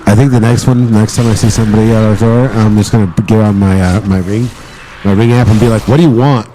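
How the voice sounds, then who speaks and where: A man's voice: on the low side, steady tone, fast talker, mellow, a little hiss or hum. A man chatting casually on a live stream, joking and swearing as he rambles.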